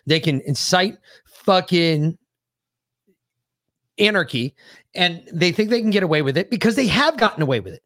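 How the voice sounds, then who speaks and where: Brief: male podcast co-host, higher-pitched voice, dry close sound, heated profane rants. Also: expressive, normal speed, long pauses, fairly bright tone, dry recording. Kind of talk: casual political podcast chat.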